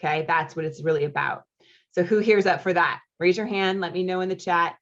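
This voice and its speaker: A chatty, upbeat American woman in her thirties hosts a live online coaching class over a computer mic, greeting viewers from the chat. Her voice sits a little low, and the webinar audio is dull and lo-fi. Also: fairly even intonation. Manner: chatty and upbeat, with quick laughs and friendly asides. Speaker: marriage coach hosting a live online masterclass. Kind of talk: live webinar, reading chat comments aloud.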